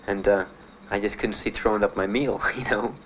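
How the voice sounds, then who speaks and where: A man being interviewed about his time in the service, telling his story in a halting, plainspoken way with many fillers. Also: lowish voice, fairly even intonation. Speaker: veteran interviewee. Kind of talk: documentary interview. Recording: dull archival recording with faint hiss.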